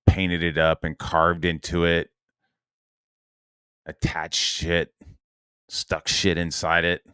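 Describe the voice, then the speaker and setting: A man's voice: sits low, monotone, takes it slowly, pushed and bright, smooth, no echo. A man ranting in a heated, profane and sarcastic monologue. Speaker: online commentator.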